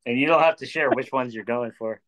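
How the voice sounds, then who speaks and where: A man's voice: mid-range voice, a little fast, a bit bright. A man hosting a podcast in casual chat, laughing and giving short reactions. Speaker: podcast host.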